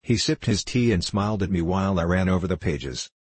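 Deep, husky male audiobook narrator. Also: a little fast, no room sound. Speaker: audiobook reader. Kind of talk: scripted narration.

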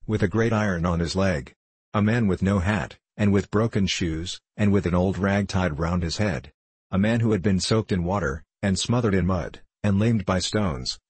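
A man narrating a classic novel as an audiobook, reading in a measured, deliberate way. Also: deep voice, husky, no room sound.

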